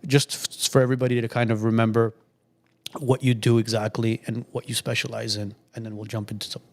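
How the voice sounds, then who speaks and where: A man's voice: mid-range voice, little pitch movement, a little fast. A man in his late thirties, co-hosting a podcast and telling stories in a chatty way with many restarts. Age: 30s. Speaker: podcast co-host. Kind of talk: casual chat.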